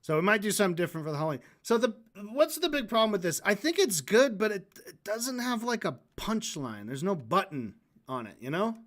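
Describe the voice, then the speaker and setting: A man's voice: high voice, very animated, fairly quick, a bit bright. A man hosting a livestream, reacting to clips with sarcastic, casual commentary. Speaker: livestream host.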